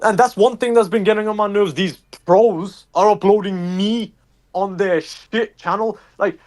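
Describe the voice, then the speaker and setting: This young streamer from England has a Birmingham accent and a high, darkish voice, speaking steadily and without hurry. Being interviewed as a guest, he talks casually and rants heatedly, swearing a lot.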